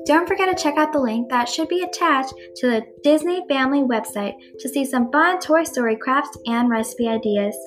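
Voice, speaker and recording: A woman hosting an arts segment, reading a children's storybook aloud in a gentle, clear way. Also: sits high, normal speed, few pauses, music in the background. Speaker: host.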